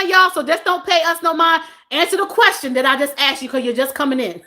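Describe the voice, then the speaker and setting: Bright, high-voiced woman livestream host. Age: 40s. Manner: animated, laughs often, repeats viewers' names. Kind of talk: casual live chat reading comments.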